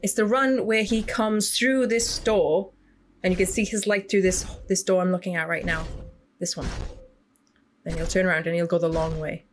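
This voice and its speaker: A woman's voice: fairly low pitch, fairly even intonation, moderate pace, a little hiss or hum. A young woman commenting on a horror game. She gets jumpy, swears, laughs nervously and shrieks when chased. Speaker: gaming YouTuber.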